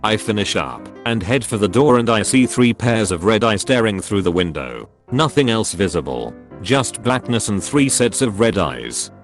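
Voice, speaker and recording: A man with a fairly low voice reads online stories aloud in a steady, even narration. Faint music plays softly behind him. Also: normal speed, hardly any pauses. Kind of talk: scripted narration.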